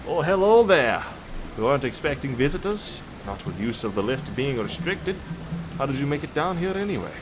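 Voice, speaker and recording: A man's voice: big pitch swings, moderate pace, background noise, close to an everyday voice. A man reading game dialogue aloud as an overworked male farm laborer, trying for an Irish or Scottish lilt. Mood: cheery. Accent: attempted Irish or Scottish lilt. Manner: louder, higher and brighter than his own voice.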